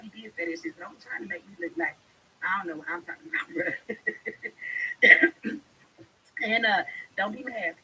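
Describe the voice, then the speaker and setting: A woman's voice: on the low side, normal speed, pauses often, sharp tone, slight background noise, poor audio. A young woman vlogger, chatting bluntly to her followers, laughing and swearing often. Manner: blunt, laughing, swears a lot, talks straight to viewers. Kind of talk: casual chat to camera.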